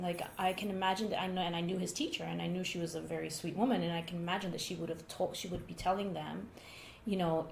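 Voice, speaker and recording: A woman talks through an interview with animated storytelling, her voice middle in pitch. The room is echoey, with a faint hiss of noise underneath. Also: fast talker, gravelly. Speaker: guest author. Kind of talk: conversational interview.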